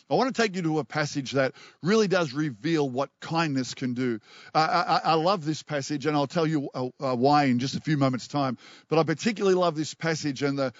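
A man preaching a passionate sermon as pastor, reading scripture aloud and stumbling over repeated words when excited. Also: fairly high pitch, no echo, lo-fi sound.

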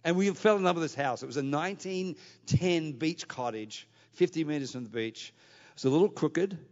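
A man preaches from the pulpit, telling his story with animated energy and then pressing his congregation to act. His voice sits a little high, and it rings with a long reverb through a large hall. The recording sounds muffled and dull. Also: brisk. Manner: animated, anecdotal, rising to exhortation. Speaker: pastor. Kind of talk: sermon with storytelling.

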